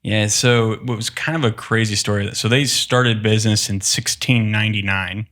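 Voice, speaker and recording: A man's voice: on the low side, moderate pace. A man, a distillery co-owner, telling a story casually in a podcast interview and acting out the reactions of the people in it. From Texas. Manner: animated, acts out quoted reactions.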